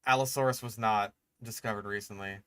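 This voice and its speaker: A man's voice: lowish voice, fairly even intonation, fairly quick, bright, forceful tone, smooth, dry recording. Man streaming, sarcastic, swears a lot, dry close mic. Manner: exasperated, sarcastic, swears often. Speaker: streamer reacting to a video. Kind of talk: casual profane live-stream commentary.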